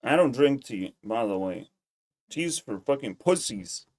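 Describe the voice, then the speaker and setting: A man's voice: medium pitch, expressive, unhurried, a little mellow, soft background music. A man streaming casual commentary, ranting in a heated, profane way and repeating himself when worked up. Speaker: streamer reacting to clips.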